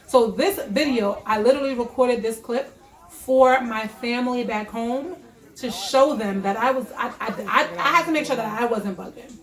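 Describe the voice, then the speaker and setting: A young woman tells a story straight to the camera in a casual vlog, animated and blunt, swearing for emphasis. Her voice sits a little high, and it rings in an echoey room. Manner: animated, profane, emphatic retelling. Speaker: vlogger.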